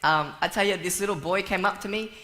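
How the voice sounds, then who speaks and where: A man joking and telling stories to a live audience in a playful, animated way. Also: sits high, quick pace. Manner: playful, jokey, animated storytelling. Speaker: motivational speaker. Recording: long hall reverb with faint noise.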